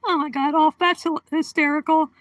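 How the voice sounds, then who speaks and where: A woman's voice: high voice, fairly even intonation, normal speed, a little hiss or hum, low-quality recording. A woman hosting a casual livestream, chatting with viewers by name and giggling often. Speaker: livestream host. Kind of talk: casual live-stream chat.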